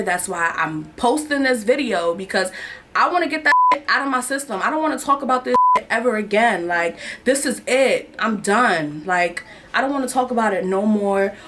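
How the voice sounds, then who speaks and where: A woman's voice: mid-range voice, moderate pace, heavy background noise. A young woman in her twenties from New York, telling a personal story to camera in candid, slangy, emotional chat. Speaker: vlogger. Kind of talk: casual confessional chat.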